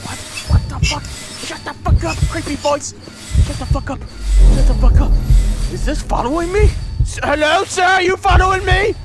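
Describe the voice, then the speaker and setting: A young man playing a horror game, talking to his viewers, swearing and yelling in panic at the monsters. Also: very high voice, normal speed. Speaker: let's play gamer. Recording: loud game music behind. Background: game music.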